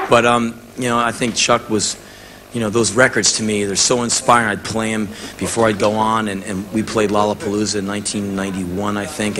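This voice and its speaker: An American man in his thirties telling a spoken-word story, acting out the people in it with shouts and laughs. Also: on the low side. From United States. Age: 30s. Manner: animated, acts out quotes with shouts and laughs. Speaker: musician telling a story on stage.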